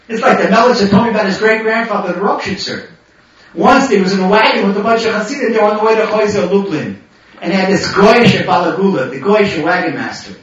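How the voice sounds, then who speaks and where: A man teaching a Torah class, animated, telling stories and bursting into shouts. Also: high-pitched, distant mic. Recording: muffled echoey hall from afar.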